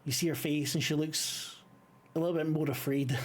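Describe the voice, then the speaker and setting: Swearing male game master, slightly high. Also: steady tone. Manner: swears casually, frequent filler pauses. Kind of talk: narrating a tabletop horror game.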